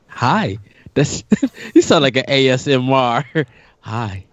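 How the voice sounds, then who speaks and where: A man's voice: mid-range voice, lively intonation, slow pace, fairly bright tone, no room sound, highs cut off. A man hosting a casual gaming podcast, upbeat and laughing often, rambling with fillers. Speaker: podcast host.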